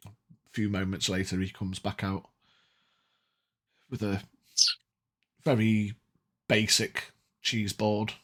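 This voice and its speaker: Male game master, low voice, very slow laid-back narration. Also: level tone, a bit bright.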